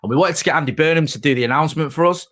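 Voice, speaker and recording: Fast-talking Manchester man telling stories. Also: on the high side, a bit bright. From Greater Manchester, England. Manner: chatty storyteller, swears freely, laughs often. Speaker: podcast co-host, former reporter. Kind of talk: casual podcast chat.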